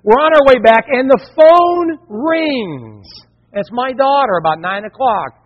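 A man's voice: very high voice, animated, fairly quick. A pastor, a man, preaching a sermon and telling a folksy, jokey personal story. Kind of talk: sermon with a humorous personal anecdote. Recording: dull recording with long hall echo.

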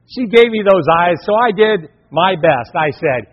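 A man preaching from the pulpit in a folksy, joking storytelling manner, his voice pitched high for a man. The recording sounds dull and muffled, with a long echo from a large church hall. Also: lively intonation, moderate pace, few pauses. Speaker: pastor. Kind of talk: sermon with a humorous personal anecdote.

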